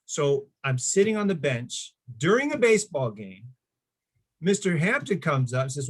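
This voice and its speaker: Middle-aged male guest, animated storyteller who acts out the people he quotes, slightly high voice. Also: moderate pace. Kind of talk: casual storytelling.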